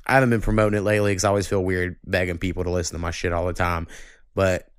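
Ranting and swearing a lot, a podcast host chats casually and gets animated when annoyed. He speaks very fast in a low, clear, resonant voice. The studio sound is clean with no room sound.

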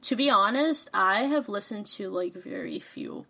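A young woman from Brazil, co-hosting a podcast in a lively, blunt, chatty way. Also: mid-range voice, unhurried, vocal fry. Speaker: podcast co-host. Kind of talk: casual chat.

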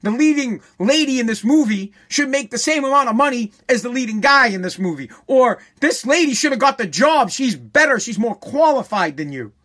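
A man's voice: very high voice, expressive, normal speed, hardly any pauses, pushed and bright. A man hosting a show, delivering a heated, profane opinion rant and repeating phrases for emphasis.

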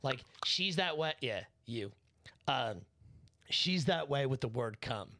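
A man's voice: medium pitch, lively intonation, slow pace, gravelly, sharp tone, no room sound. Man, podcast co-host, loose and profane storyteller, dry close sound. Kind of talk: casual chat.

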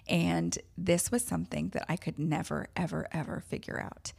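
Candid woman with a heavy vocal fry. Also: lowish voice, steady tone, normal speed, few pauses. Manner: candid and emotional, with self-deprecating laughs. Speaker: podcast host. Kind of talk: personal storytelling monologue.

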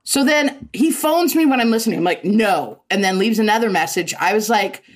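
A woman's voice: medium pitch, lively intonation, fairly quick. Woman guest, blunt storyteller, swears freely, laughs often, casual podcast chat.

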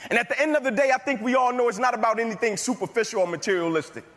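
A passionate male motivational speaker whose voice sits high and rolls through rhythmic, repeated phrases. His words ring out with a long hall reverb trailing behind them. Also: very fast, fairly bright tone. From United States. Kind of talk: motivational speech with storytelling.

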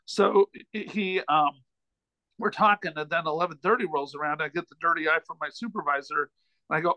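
A man's voice: on the high side, fairly even intonation, brisk, no room sound, muffled recording. A man, a comedian and author, telling a long anecdote as a podcast guest, rambling with frequent restarts and self-deprecating asides. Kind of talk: casual storytelling in a chat.

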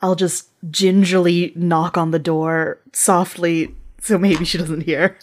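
A woman playing a character in a tabletop game, giggly and animated. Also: lowish voice, slow pace. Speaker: player. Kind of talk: tabletop role-play.

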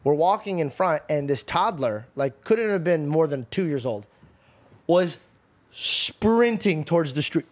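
A young man hosts a casual podcast, recounting a story with an animated delivery. He sits a little high in pitch and slips into mimicry for each person he quotes, swearing now and then as he goes. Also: measured pace. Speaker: podcast host.

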